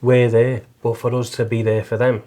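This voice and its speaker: Middle-aged scouse guy, pretty monotone, earnest, keeps restarting his sentences. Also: medium pitch. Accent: Liverpool. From Liverpool, England. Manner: earnest, halting, repeats words. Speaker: guest, taxi driver and volunteer listener. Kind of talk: casual testimony interview.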